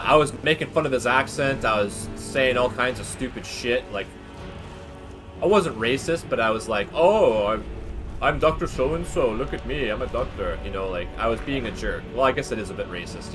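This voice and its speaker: A man's voice: medium pitch, normal speed, over music. A man chatting casually while he streams a game. He rambles candidly, with lots of fillers and the odd swear word. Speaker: gaming livestreamer.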